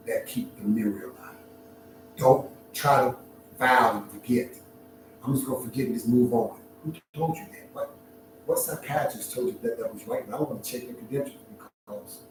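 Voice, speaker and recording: A man giving an emotional, heartfelt talk, swinging from hushed near-whispers to loud preaching. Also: medium pitch, slight background noise. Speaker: talk show host. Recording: very echoey room, far from the mic, clear music behind.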